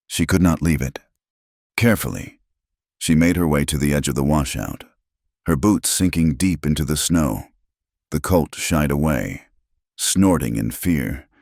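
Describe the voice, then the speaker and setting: Very deep-voiced male storyteller. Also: darkish tone, no echo, studio quality. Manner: measured, dramatic reading. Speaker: narrator. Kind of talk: scripted storytelling narration.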